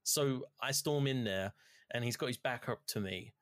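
A man's voice: mid-range voice, moderate pace, fairly bright tone, dry recording. A man telling a story from a video game in casual podcast chat, swearing freely as he gets into it. His voice sits mid-range, and the sound is dry and close. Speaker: podcast co-host.

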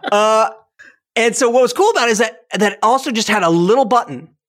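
A man in his fifties hosting a podcast, telling childhood stories in a casual, animated way. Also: high-pitched, brisk. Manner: animated storytelling, acts out toy sounds. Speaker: podcast host. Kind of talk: casual chat.

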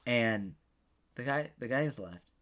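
A podcast co-host tells a story in casual chat, animated and laughing often. His voice is mid-range and his pace is measured.

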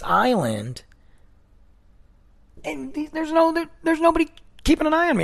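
A man in his thirties or forties from the Detroit area, telling a personal story in a casual, animated way, rising to excited bursts and dropping to a hushed voice. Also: very high voice, moderate pace, gravelly, pauses often.

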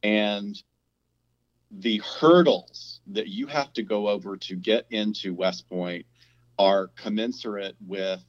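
A man co-hosting a casual discussion podcast thinks aloud, often restarting as he builds his point. His voice is fairly low and he takes it slowly. The sound is lo-fi.

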